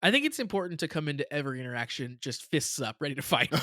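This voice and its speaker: A man's voice: fairly high pitch, sharp tone, dry recording, studio quality. A man co-hosting a casual review podcast, chatty and laughing often, with many repeated words. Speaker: podcast co-host.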